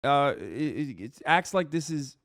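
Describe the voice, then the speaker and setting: A man in his thirties streaming live reaction commentary, ranting and swearing, jumping between loud outbursts and low mutters. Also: very animated, a little slow, no room sound, studio quality. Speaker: streamer reacting to a news video.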